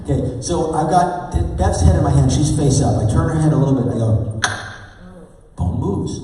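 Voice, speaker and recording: A man speaking as a motivational speaker, telling a story to a live audience in an animated, chatty way and asking them questions. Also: on the high side, brisk, a little hiss or hum. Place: large hall. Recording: echoey hall from far off.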